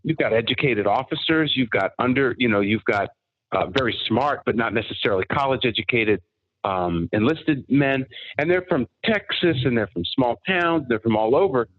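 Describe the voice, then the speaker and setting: A man recounts personal anecdotes as a podcast guest, with lively, animated storytelling. His voice sits in a middle register. The sound is thin and phone-like. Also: mid-range voice, normal speed. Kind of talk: casual storytelling. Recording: tinny phone-like line.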